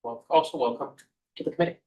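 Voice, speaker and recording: A man's voice: mid-range voice, quick pace, mellow, dull audio. A man chairing a committee meeting, welcoming members and moving through items. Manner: welcoming, procedural.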